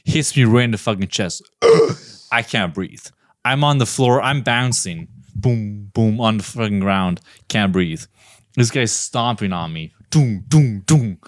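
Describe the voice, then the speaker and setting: Low-voiced rambling podcast storyteller man. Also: unhurried, dry recording, studio quality. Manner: rambling, profane, tells absurd stories. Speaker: podcast panelist. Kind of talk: casual comedic storytelling.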